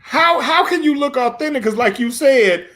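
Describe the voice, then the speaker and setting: A man's voice: very high-pitched, animated, moderate pace, bright, forceful tone. A man co-hosting a casual wrestling talk, explaining his point with stammers and laughs. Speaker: co-host.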